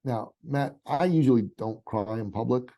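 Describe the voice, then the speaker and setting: Mellow-voiced man telling a heartfelt story. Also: mid-range voice, moderate pace. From Iran. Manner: animated, heartfelt storyteller with conversational asides. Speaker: podcast guest, business coach. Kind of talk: casual storytelling interview.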